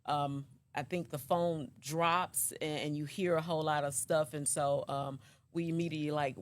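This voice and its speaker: Halting mother recounting events. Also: sits low, steady tone. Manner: halting, many ums and restarts. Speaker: mother of the accused.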